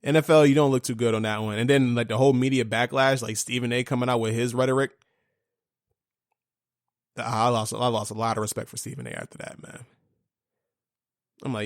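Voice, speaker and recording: A man's voice: mid-range voice, steady tone, a little fast, gravelly, long pauses, dry recording, studio quality. A young man hosting a casual sports podcast, talking in a fired-up, profane rant full of fillers. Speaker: podcast host.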